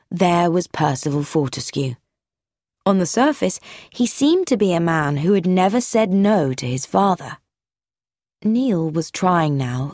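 A woman reading a mystery story aloud as narrator, in an expressive reading style. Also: on the low side, no echo, clean studio sound. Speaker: audiobook narrator. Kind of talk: scripted narration.

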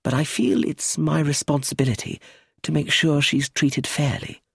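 A woman's voice: low-pitched, steady tone, moderate pace, creaky, husky, no room sound, studio quality, voice pushed up, heavily acted. A man reading aloud, voicing a stern elderly aunt who speaks grimly and firmly. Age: older. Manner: grim, firm and clipped.

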